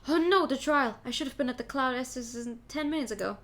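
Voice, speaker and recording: A woman's voice: fairly high pitch, fast, close to an everyday voice. A woman voicing a flustered young male lawyer in a game, speaking anxiously. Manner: anxious, panicky.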